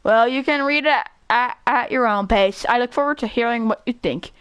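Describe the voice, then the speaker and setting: A shy, bookish schoolgirl from a visual novel game, read out by a woman in a somewhat high voice. She speaks softly and hesitantly, and the sound is dry and close. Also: normal speed, clear, resonant tone, dry recording, close to an everyday voice.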